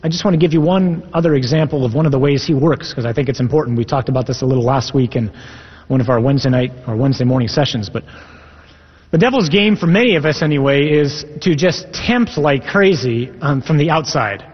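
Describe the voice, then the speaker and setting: A man's voice: mid-range voice, brisk, breathy edge. A man preaching as a Catholic priest, earnest and emphatic, reading scripture aloud and explaining it. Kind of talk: sermon. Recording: echoey hall, dull lo-fi sound.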